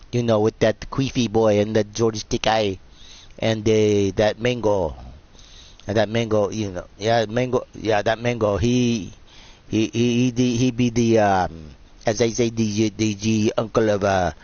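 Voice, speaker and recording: A man's voice: fairly low pitch, a little mellow, dull audio. A man hosting a live-streamed wrestling video game, commentating in a rambling, jokey, off-the-cuff way. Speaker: host and commentator.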